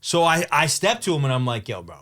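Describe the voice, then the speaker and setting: A man's voice: on the high side, very animated, a bit bright. A middle-aged man co-hosting a podcast, telling a story casually with lots of swearing and fillers. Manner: fast, swearing, filler-heavy. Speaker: podcast co-host.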